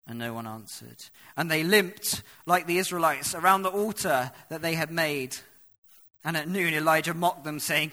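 Male preacher, bright forceful tone, dramatic scripture reading, hushed asides. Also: on the high side, moderate pace. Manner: dramatic, swings from hushed to loud when reading. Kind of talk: sermon reading and explaining scripture.

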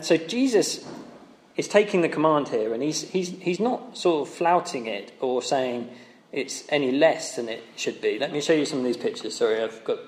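Conversational preacher in an echoey hall. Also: male voice, fairly high pitch, a little mellow. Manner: conversational, asks rhetorical tag questions. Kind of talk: sermon.

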